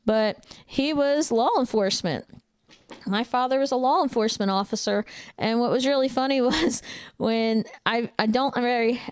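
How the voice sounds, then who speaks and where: Blunt gravelly woman trucker with a Jersey accent. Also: fairly high pitch, no echo, studio quality. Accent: New Jersey. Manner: blunt, outspoken, laughs often. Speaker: truck driver and trainer. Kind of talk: casual livestream chat reading viewer comments.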